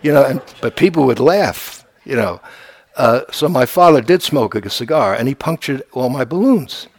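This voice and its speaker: A man's voice: medium pitch, animated, normal speed, no echo. A man giving a dharma talk as a meditation teacher, in a conversational, humorous way with frequent restarts. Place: meditation retreat center.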